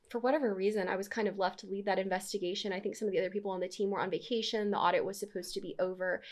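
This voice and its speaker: A woman with a mid-range voice speaks as a podcast guest. She sounds earnest and openhearted in casual conversation, breaking into light laughter now and then. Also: mid-range voice. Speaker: podcast guest, audit manager. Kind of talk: casual interview chat.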